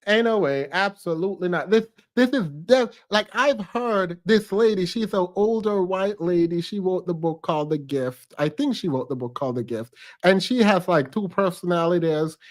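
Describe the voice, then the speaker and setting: A man's voice: high-pitched, moderate pace, darkish tone. A man giving casual, sassy reaction commentary on a clip. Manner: sassy, chatty, calls the speaker "girl".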